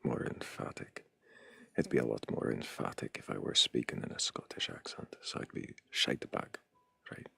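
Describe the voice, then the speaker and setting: A man hosting a livestream, talking casually with a dry, teasing manner and calm explanations. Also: moderate pace, dry recording, in a whisper. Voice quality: very deep, gravelly and husky. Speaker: livestream host.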